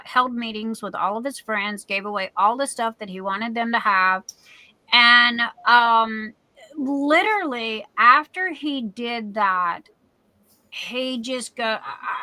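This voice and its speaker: A woman's voice: fairly high pitch, bright, forceful tone, no room sound, poor audio. A middle-aged woman hosting a livestream, telling a personal story in a candid, emotional way. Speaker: livestream host. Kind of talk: casual chat.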